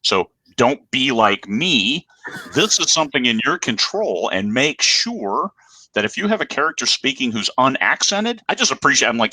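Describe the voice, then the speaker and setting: A man's voice: lowish voice, animated, normal speed, pushed and bright, no echo. A middle-aged man hosting a casual talk show, speaking candidly with many restarts. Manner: candid, rambling, self-deprecating. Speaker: podcast host. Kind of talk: casual chat.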